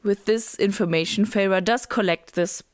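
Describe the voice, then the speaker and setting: A woman's voice: medium pitch, moderate pace. A young woman co-hosting a casual book podcast, playful and giggly. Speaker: podcast co-host. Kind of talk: casual chat.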